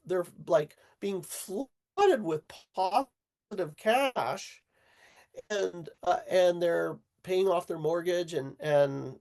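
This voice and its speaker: A man telling a personal story in an interview, halting in places and acting out the voices of the people in it. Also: sits high, creaky. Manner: halting, animated storyteller who acts out quoted voices. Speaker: interview guest. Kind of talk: casual storytelling.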